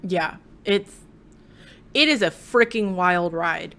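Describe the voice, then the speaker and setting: A woman's voice: fairly low pitch, slow. A young adult woman hosting a podcast, chatting casually and telling stories with laughter. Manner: animated storytelling, laughs often. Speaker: podcast host. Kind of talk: casual chat.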